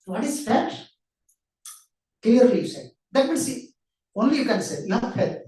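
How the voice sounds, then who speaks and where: High-voiced swami lecturing in an echoey hall. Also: male voice, very animated, normal speed, dark tone. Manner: earnest, repeats key phrases, asks and answers own questions. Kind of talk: devotional lecture. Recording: roomy hall sound from a distant mic.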